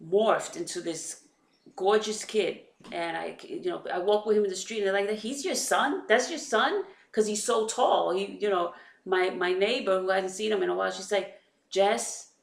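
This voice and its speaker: A woman's voice: on the low side, vocal fry. A woman, chatting casually to viewers about her sons and her faith, retelling conversations as she goes. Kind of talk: casual chat to camera. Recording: echoey room.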